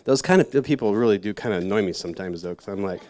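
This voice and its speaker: A man's voice: on the low side, lively intonation, fast, darkish tone. A man giving a casual, rambling sermon to a youth group, full of fillers and self-mocking asides. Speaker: youth church speaker.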